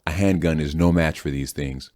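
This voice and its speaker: A man voicing an earnest male editor, pointed, deep dark voice, dry sound. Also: normal speed.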